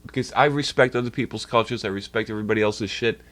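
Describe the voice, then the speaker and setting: A man's voice: lowish voice, fast talker, a bit bright. A man livestreaming and ranting in a heated, profane way to his chat. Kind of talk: casual livestream rant.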